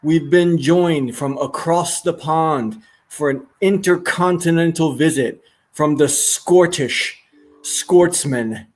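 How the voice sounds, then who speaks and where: A man hosts a live stream with crude, joking banter. His voice sits a bit higher than most men's and stays casual and easygoing. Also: slow pace. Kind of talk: casual chat.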